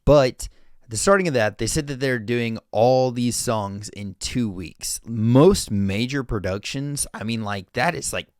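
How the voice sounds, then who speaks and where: Male reaction host, excitable, dry close room sound. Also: medium pitch, measured pace, clear, resonant tone, dry recording. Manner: excitable, loud bursts of amazement. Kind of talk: casual reaction chat. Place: home streaming room.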